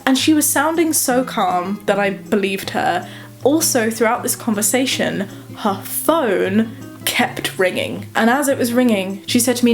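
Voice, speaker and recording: A woman's voice: fairly high pitch, normal speed, soft background music. A young woman, telling a personal story on her vlog and acting out the dialogue as she goes. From England. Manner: animated retelling, acting out dialogue. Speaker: vlogger. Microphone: camera mic.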